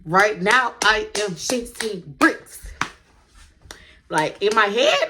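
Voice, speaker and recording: A woman vlogger telling a story to her viewers, animated and chatty, swearing freely and laughing often. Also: medium pitch, unhurried, background noise. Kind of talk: storytime vlog.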